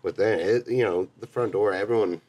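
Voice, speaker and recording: A man's voice: fairly low pitch, fairly quick, a little mellow, breathy edge. A man in his twenties, a bar manager guest on a podcast, chatting in an easygoing, profane way and slipping into mocking voices. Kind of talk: casual chat.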